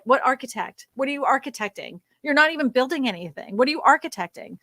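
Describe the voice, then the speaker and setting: A woman's voice: sits high, expressive, fast talker, few pauses, sharp tone, no echo. A woman hosting a real estate live stream. She reads viewer comments aloud and answers them in an emphatic, ranting way, laughing often.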